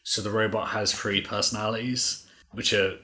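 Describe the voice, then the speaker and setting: A man with a very low voice and a bright, forceful edge co-hosts a casual podcast. He rambles through his recaps, leaning on "like" and "uh" as he goes. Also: level tone, normal speed. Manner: rambling, many "like" fillers. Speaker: podcast co-host.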